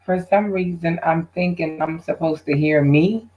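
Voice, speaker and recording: A woman's voice: sits low, steady tone, measured pace, mellow, rough recording. A woman hosting her own live stream, chatting casually and directly with her viewers. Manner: chatty, talks straight to viewers.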